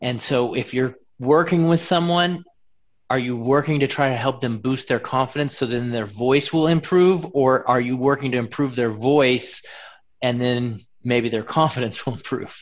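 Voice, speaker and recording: A man's voice: mid-range voice, normal speed. Man host with dull lo-fi sound. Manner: inquisitive, restarts his questions. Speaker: show host. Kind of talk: interview questions. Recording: dull lo-fi audio.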